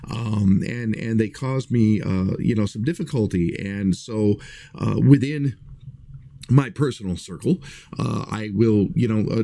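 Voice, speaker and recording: A man's voice: fairly low pitch, creaky, mellow. A man talking casually to his livestream viewers, earnest and rambling, with many fillers and restarts. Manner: earnest, reflective.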